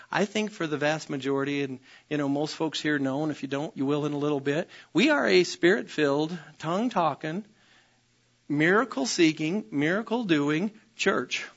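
A man preaching a sermon with emphatic repetition, often asking his congregation "Amen?". His voice sits fairly high for a man. The recording is dull and lo-fi. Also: fairly bright tone. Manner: emphatic, repeats phrases, calls out "Amen?" to the congregation. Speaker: pastor.

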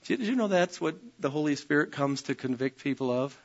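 A man's voice: a little high, expressive, fairly quick, lo-fi sound. A man preaching a sermon as pastor, emphatic and repetitive, often calling out "Amen?" to his congregation. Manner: emphatic, repeats phrases, calls out "Amen?" to the congregation.

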